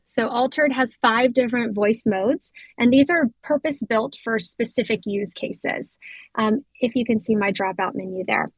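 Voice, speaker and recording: An American woman demonstrating voice software step by step, explaining as she clicks, with fillers and quick self-corrections. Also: fairly high pitch, dry recording, low-quality recording. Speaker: product demonstrator. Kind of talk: software demo walkthrough.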